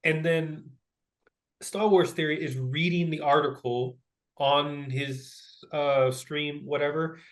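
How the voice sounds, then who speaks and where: Man, podcast co-host, casual rant, exasperated, fairly high voice. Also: slow. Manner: animated, exasperated ranting with frequent fillers. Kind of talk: casual ranting chat.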